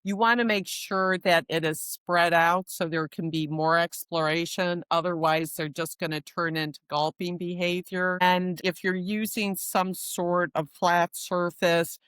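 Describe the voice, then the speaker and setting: A woman answering interview questions as a guest expert on dog feeding, in a measured, explanatory way. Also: lowish voice, steady tone, a bit bright, smooth, no echo, clean studio sound.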